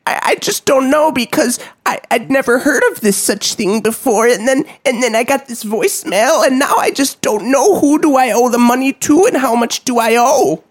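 A woman's voice: high-pitched, pitched above the performer's own voice. A woman voicing a confused, stammering elderly grandmother on a prank phone call. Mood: bewildered. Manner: halting, stammering, bewildered.

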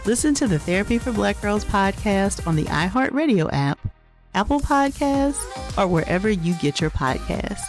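Woman doing a calm scripted podcast promo, soft music under it. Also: mid-range voice, normal speed. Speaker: podcast host in an ad.

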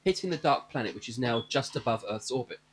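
A man's voice: mid-range voice, expressive, fast talker, husky. A man co-hosting a casual chat, wryly retelling a film's scenes in detail. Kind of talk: casual film recap chat.

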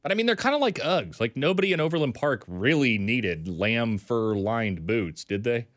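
A man's voice: mid-range voice, big pitch swings, normal speed, fairly bright tone, no echo. A young man co-hosting a radio show, chatting in a dry, matter-of-fact way. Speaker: radio co-host. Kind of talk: casual radio banter. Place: radio studio.

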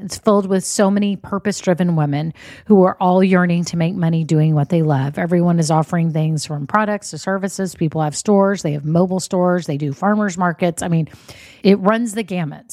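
Upbeat woman host, slightly scratchy voice, lower register, dry close-mic read. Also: fairly quick, darkish tone, no echo. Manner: chatty, upbeat, encouraging. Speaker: podcast host. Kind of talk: casual podcast chat.

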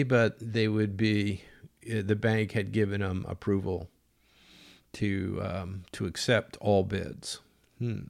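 A man's voice: lowish voice, gravelly. A middle-aged man telling a story in a rambling, conversational way, full of fillers and acted-out quotes. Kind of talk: casual spoken storytelling.

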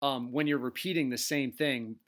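Excitable podcast host who swears. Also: male voice, mid-range voice, moderate pace. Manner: enthusiastic, swears a lot, says dude and like. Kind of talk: casual conversation.

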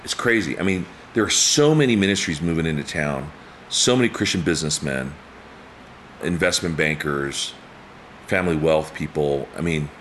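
A guest in his fifties chats casually, telling animated stories and laughing frequently as he acts out quotes with large jumps in pitch. He talks at normal speed over slight background noise.

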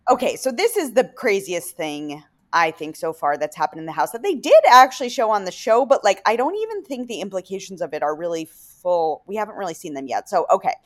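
A woman co-hosting a casual podcast, telling reality-show stories in an excitable, animated way. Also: medium pitch, brisk, few pauses. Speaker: podcast co-host. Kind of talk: casual chat.

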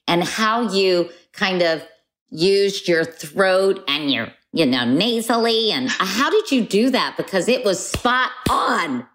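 A woman's voice: mid-range voice, lively intonation, takes it slowly, a bit bright. A woman hosting an interview, asking direct questions with enthusiasm. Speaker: interviewer host. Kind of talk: casual interview.

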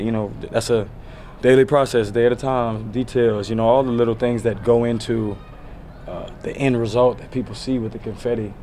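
A man in his thirties, a pro football player, answering reporters at a press conference in a loose, relaxed way, full of "you know" fillers. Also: mid-range voice, slight background noise.

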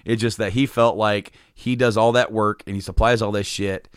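Low-voiced man rambling through a story. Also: steady tone, moderate pace, clear, resonant tone, no echo, studio quality. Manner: rambling, laughs often, swears freely. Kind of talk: casual storytelling.

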